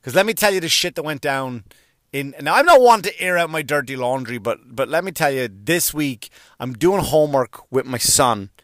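A fairly high-voiced man rants in exasperated comedic style, swearing freely and tripping over his words as he repeats himself. The sound is dry and close, with no room around it. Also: animated, moderate pace, a bit bright, no echo. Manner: profane, exasperated storytelling. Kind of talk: comedic rant.

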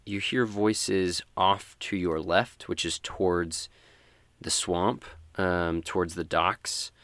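Deep-voiced guy running a tabletop game, dry close sound, lots of ums. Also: fairly even intonation, slow, a bit bright, no echo. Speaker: game master.

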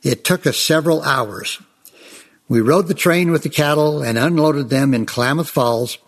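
A man's voice: on the high side, moderate pace. A man telling Old West tales in a chatty, folksy way, often calling his listeners folks. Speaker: storyteller.

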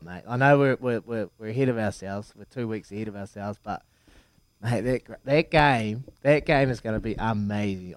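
Recorded dry, a man in his thirties who used to play rugby tells stories in casual podcast chat, his fairly low voice clear and resonant. He repeats himself a lot, throws in friendly asides, and says "mate" often.

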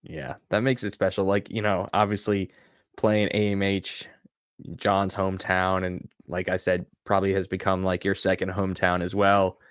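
A man with a fairly low voice hosts a podcast in a relaxed, enthusiastic way. His sound is dry and close, with no room around it. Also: normal speed, clear, resonant tone, dry recording. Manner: relaxed and enthusiastic, loose filler words. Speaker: podcast host. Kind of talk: casual podcast chat.

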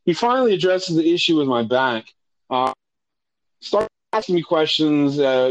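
A man's voice: fairly high pitch, moderate pace, lo-fi sound. A man casually telling a personal story, correcting himself often and swearing freely. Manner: profane, self-correcting, animated when retelling dialogue. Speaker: storyteller recounting a personal ordeal.

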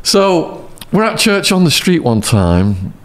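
A man's voice: a little high, slow. A man animatedly telling a story as a podcast guest, laughing often. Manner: animated storyteller, lots of laughing and acted quotes. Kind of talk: casual storytelling.

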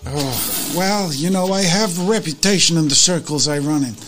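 A young man playing a tabletop game, brash and excitable, swearing loudly in character. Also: on the high side, normal speed, a little hiss or hum. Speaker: player.

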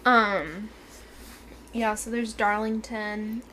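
A woman's voice: a little high, flat delivery, very slow, sharp tone, a little hiss or hum. A woman co-hosting a book club podcast in casual chat. She is chatty, laughs often and fills her talk with ums and likes.

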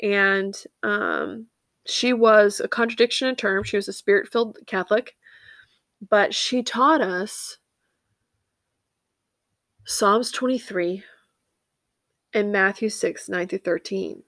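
A woman's voice: mid-range voice, takes it slowly, long pauses, a bit bright, dry recording. Woman, 30s, faith podcast host, earnest and rambling, dry close sound. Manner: earnest, rambling with many fillers.

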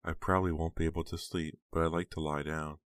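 A man's voice: a bass voice, flat delivery, fast, smooth, dry recording. A man voicing a grieving older aunt. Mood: weary. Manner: soft, tired. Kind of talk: audiobook character voice.

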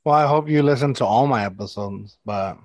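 His medium-pitched voice is a little mellow and fairly quick, recorded with no room sound. Hosting a podcast, he chats casually and rambles through stories, leaning heavily on "like."

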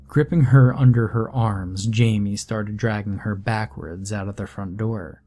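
Slow, low-voiced male horror narrator. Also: warm tone. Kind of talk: scripted horror story narration.

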